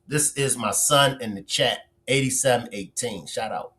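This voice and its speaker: A man hosting a casual livestream, reading and teasing viewers' comments in an animated way, stretching words for emphasis. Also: mid-range voice, normal speed. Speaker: livestream host.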